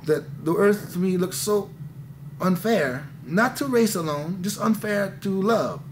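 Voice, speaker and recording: A man's voice: sits high, a little slow, a little hiss or hum. A man in his thirties talking candidly in an interview, rambling and intense, restarting often and saying "man" a lot. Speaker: interviewee, musician. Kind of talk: candid conversation.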